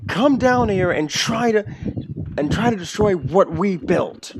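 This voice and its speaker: A man voicing a fiery male orc rebel leader in a tabletop game, higher and louder than his own voice in a rousing speech. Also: animated, a little slow, crowd noise. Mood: impassioned. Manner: raised, impassioned rallying speech. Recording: noisy home mic.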